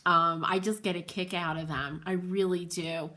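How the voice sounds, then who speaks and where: A middle-aged woman chats on a livestream in a bright, clear voice. She rambles easily, laughs often, and talks straight to her viewers by name. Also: fairly low pitch, steady tone, normal speed. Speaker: host of a furniture painting livestream. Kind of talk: chatty livestream talk to viewers.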